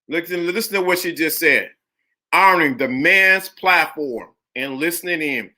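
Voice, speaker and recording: A man hosting a live-streamed talk show, his voice bright and forceful and pitched a little above the usual male range. He preaches his points emphatically and hammers key phrases over and over. He also calls out viewers in the chat by name. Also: normal speed. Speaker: livestream host.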